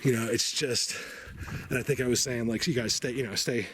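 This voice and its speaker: A New Jersey man who researches bigfoot narrates a vlog as he walks through mountain woods and into a cave, rambling, chatting and tossing joking asides to his viewers. His mid-range voice is fairly bright and fairly even in intonation, with a fairly quick pace, and the outdoor ambience is noisy.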